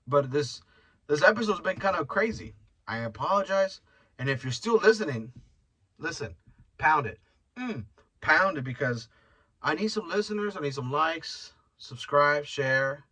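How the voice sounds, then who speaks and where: A man's voice: on the high side, expressive, unhurried, sharp tone, breathy edge, distant mic. Blunt, profane man, slightly off-mic. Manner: rambling, blunt and profane, with frequent restarts. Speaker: podcast host. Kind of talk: casual solo podcast monologue.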